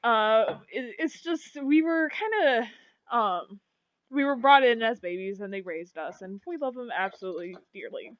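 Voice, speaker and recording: A woman voicing a weary, earnest male half-orc translator in a tabletop game, speaking haltingly. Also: on the high side, animated, smooth, no room sound, dull audio, natural voice. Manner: hesitant, halting.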